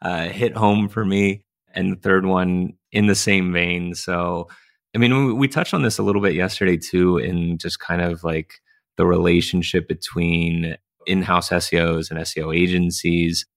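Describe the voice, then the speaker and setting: Deep raspy guy hosting a podcast, loose rambly questions, lots of likes and you knows. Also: level tone, moderate pace. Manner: casual, rambling questions with many fillers. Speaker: podcast host. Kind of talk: podcast conversation.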